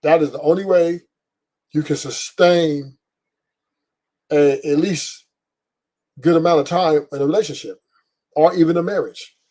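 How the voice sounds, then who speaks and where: A man's voice: a little high, fairly even intonation, a little slow, pauses often, dark tone. A man hosting an opinion commentary show, lecturing and repeating his points. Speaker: host.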